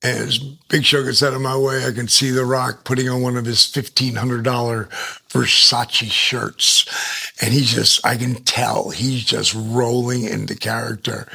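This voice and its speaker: Older guy w a super gravelly raspy voice, swears a lot, spins wild stories n does the voices. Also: mid-range voice, measured pace. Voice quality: gravelly, husky. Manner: animated, profane, acts out voices. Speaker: guest, retired wrestler. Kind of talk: casual storytelling in an interview.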